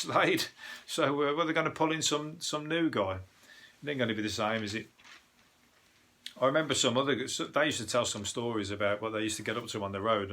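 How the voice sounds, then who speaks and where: A comedian with a Birmingham accent rants his way through the day's news in a loose, sweary, rambling style. His voice is bright and forceful, at an ordinary male pitch. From English Midlands. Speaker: comedian podcast host. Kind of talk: casual news-review rant.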